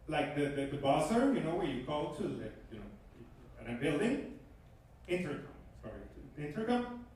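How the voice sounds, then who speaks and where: A man from Venezuela doing a stand-up comedy set in a small theater, rambling and animated with lots of "like" and "man.". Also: on the high side. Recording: echoey room, distant mic, background noise.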